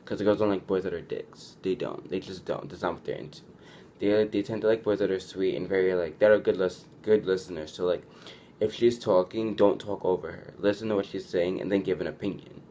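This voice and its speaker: A young male vlogger with a low-pitched, warm voice speaks fairly quickly, chatting advice to his viewers. He fills his talk with "like," restarts frequently, and plays out quoted lines, with slight background noise.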